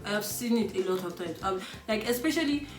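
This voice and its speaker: A woman from Nigeria with a Nigerian accent, chatting casually in a blunt, animated way and swearing freely. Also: mid-range voice, fairly quick. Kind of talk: casual chat. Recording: echoey room.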